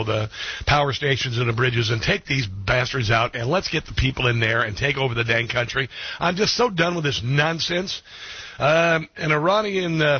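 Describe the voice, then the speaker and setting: Male talk radio host, husky and dry, blunt opinions, halting delivery with lots of fillers. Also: mid-range voice, no echo, dull audio. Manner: blunt, opinionated, many ums and restarts. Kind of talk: political talk radio commentary.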